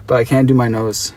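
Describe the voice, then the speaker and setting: A man's voice: medium pitch, darkish tone. A young man with an Australian accent, chatting playfully with his viewers on a live stream from his car. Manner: playful, chatty, reads and answers chat. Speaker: livestreamer. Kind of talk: casual live-stream chat.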